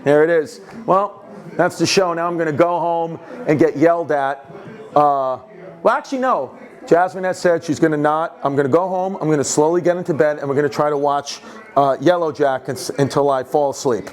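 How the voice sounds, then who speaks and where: A man with a New York accent doing stand-up, telling a story with animated energy and laughing as he goes, then talking casually offstage, sweaty and winded after a set. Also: fairly high pitch, moderate pace. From Queens, New York. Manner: animated, laughing through his own story. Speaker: stand-up comedian.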